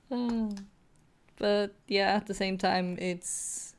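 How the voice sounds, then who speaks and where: A woman from Norway hosting a casual group chat, talking in a relaxed way and laughing often. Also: medium pitch, extremely slow, long pauses, clean tone. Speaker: host.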